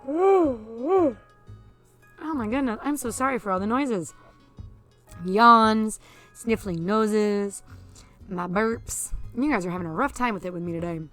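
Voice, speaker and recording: A woman's voice: mid-range voice, unhurried, fairly bright tone, soft background music. A woman streaming a narrative game, reading the characters' lines aloud and chatting to her viewers. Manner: switches into voices for each character, apologetic asides to viewers.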